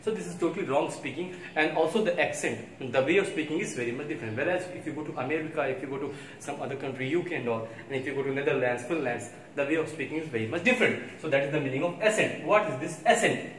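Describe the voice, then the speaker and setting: Indian English teacher in an echoey room. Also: male voice, on the high side, fast talker, fairly bright tone, recorded from a distance. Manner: spells words out letter by letter, mixes in Hindi, many restarts. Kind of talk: classroom vocabulary lesson. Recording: echoey room, voice off-mic, faint background noise.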